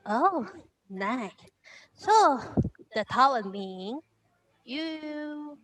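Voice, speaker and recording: A woman playing in a tabletop game, speaking in halting, broken phrases. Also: fairly high pitch. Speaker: player. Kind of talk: tabletop role-play.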